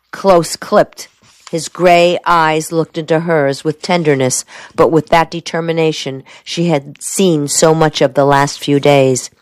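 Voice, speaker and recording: Scripted novel narration comes from a woman audiobook narrator whose low-pitched voice keeps an even, measured storytelling pace, with no room sound in the recording.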